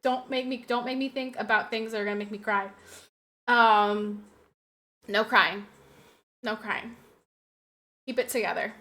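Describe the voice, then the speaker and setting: A woman's voice: fairly high pitch, steady tone, a little slow, pauses often, sharp tone. A young woman streaming and chatting casually with her live audience. She talks emotionally, repeats her phrases, laughs often and answers her chat aloud.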